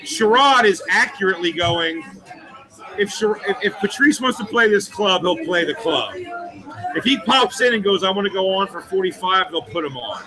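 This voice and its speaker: A comedian telling a rambling, profane anecdote in a documentary interview. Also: male voice, high voice, lively intonation, normal speed, a crowd in the background, rough recording.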